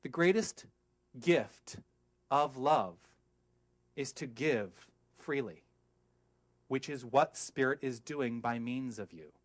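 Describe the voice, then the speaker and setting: A middle-aged man preaching a sermon as a minister, emphatic and animated, putting questions to the congregation and wandering off on tangents. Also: medium pitch, slow pace, pauses often.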